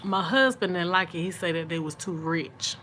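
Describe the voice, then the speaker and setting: A woman's voice: fairly low pitch, slight background noise. Sleepy, chatty woman. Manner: chatty and drawn-out, soft and sleepy, murmured asides. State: sleepy, yawning. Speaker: vlogger on a late-night livestream. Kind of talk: casual late-night chat with viewers.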